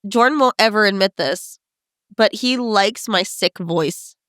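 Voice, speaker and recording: A young adult woman, co-hosting a podcast, talking casually in a deep raspy voice, hoarse from a cold. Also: unhurried, a bit bright, no echo, clean studio sound. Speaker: podcast co-host. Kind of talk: casual chat.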